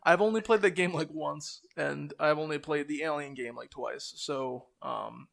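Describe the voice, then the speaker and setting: A man's voice: on the high side, normal speed, creaky, a bit bright. A young man co-hosting a podcast, chatting casually, ranting animatedly with lots of swearing. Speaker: podcast co-host. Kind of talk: casual chat.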